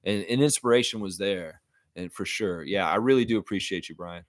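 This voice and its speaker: A man hosting a casual sports livestream, reading chat and breaking into animated, profane rants. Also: low-pitched, fairly quick, no echo, clean studio sound. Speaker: livestream host.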